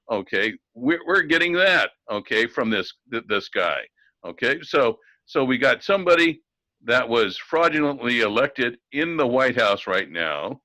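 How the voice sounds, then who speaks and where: A man's voice: medium pitch, expressive, a little slow, bright, forceful tone, no echo, poor audio. A man co-hosting a talk show, ranting in an indignant, sarcastic way with frequent restarts. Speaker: co-host. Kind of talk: ranting talk-radio commentary.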